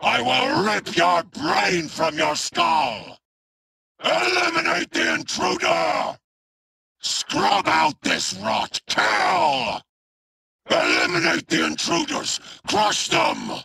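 An actor playing a hulking, brutal male cyborg enforcer in a video game, with a harsh, gravelly, machine-like voice and a contemptuous, menacing way of barking threats. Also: extremely high pitch, wildly swooping pitch, slow pace, bright, forceful tone, dry recording, raised voice, exaggerated voice. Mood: roaring commands.

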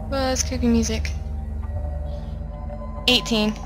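A woman narrating her horror game play, jittery and swearing, often dropping to a hushed murmur as she counts steps. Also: a little high, level tone, slow pace, over music. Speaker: let's play gamer.

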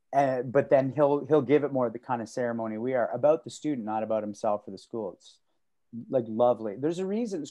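A man co-hosting a casual martial arts podcast over a video call, telling stories and acting out quotes in sudden loud, high bursts. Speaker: podcast co-host.

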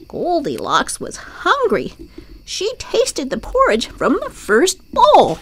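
A woman reading a children's story aloud in an expressive, sing-song way. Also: very high-pitched, slow pace.

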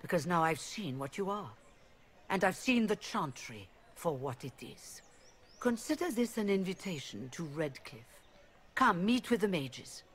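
A woman's voice: lowish voice, very animated, a little slow. A proud rebel mage leader speaks in a formal, persuasive way. Her voice sits mid-range. Faint background noise runs behind the game dialogue. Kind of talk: video game voice acting.

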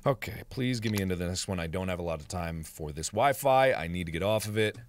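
A man in his twenties commentating as he plays a game, swearing in frustration and repeating phrases over and over, swinging from muttering under his breath to loud yelling. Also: deep voice, lively intonation, a little fast, no echo. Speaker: gaming video host. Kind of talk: let's play commentary.

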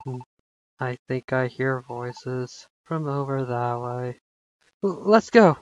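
Game player reading aloud at a slow pace. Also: medium pitch, no echo, lo-fi sound.

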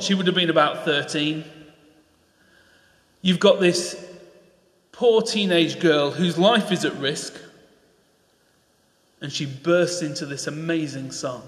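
A man's voice: a little high, a bit bright. A man with a Northern English accent preaching a passionate sermon in church, building to pleading questions and getting openly enthusiastic. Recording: echoey church hall.

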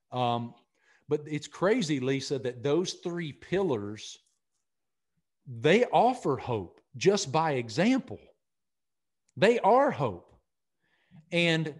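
A middle-aged man with a Southern accent, a guest in a podcast interview, talking in an earnest, energetic way and often repeating himself. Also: on the high side. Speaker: podcast guest, sports broadcaster. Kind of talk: casual interview talk.

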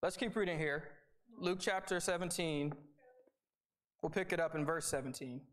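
Young guy preaching, high-ish voice, chatty and earnest, keeps saying right. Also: moderate pace, fairly bright tone. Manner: conversational, earnest, with repeated starts and "right?" asides. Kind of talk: sermon.

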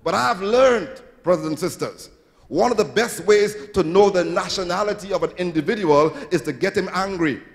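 A high-pitched man delivers a sermon, his voice gravelly at the edges. He swells into sing-song phrases and acts out quotes. The sound carries a long church-hall reverb. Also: moderate pace. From Trinidad and Tobago. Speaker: pastor. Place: church sanctuary.

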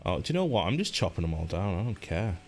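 Deep-voiced man chatting through a game. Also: big pitch swings, fast talker, faint music behind. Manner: chatty, joking, reads chat aloud; playful pitch jumps, hums and sings to himself. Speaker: let's play host. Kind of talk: live-streamed gameplay commentary.

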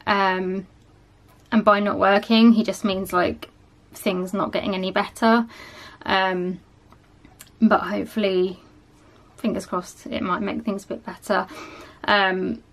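A woman's voice: mid-range voice, flat delivery, slow. A young woman vlogging in a casual chat, tired and sluggish, rambling with lots of ums and likes.

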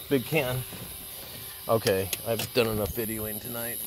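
A man's voice: on the low side, steady tone, measured pace, slight background noise. A man vlogging a night hunt outdoors in a casual, rambling, profane way, talking to his dog and the animal through a handheld camera. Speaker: hunting vlogger. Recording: loud night insects outdoors.

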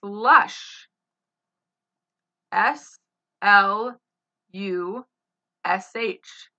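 A woman teaching spelling, saying each word slowly, spelling it letter by letter and using it in a sentence. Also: mid-range voice, bright, forceful tone. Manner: spells words letter by letter, then gives example sentences. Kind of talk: slow dictation of spelling words. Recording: slightly dull lo-fi sound.

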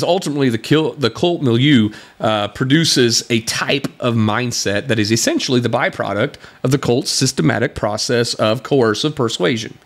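A man hosting a podcast, responding to a video in a sarcastic, exasperated commentary and laughing between points. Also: mid-range voice. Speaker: podcast host.

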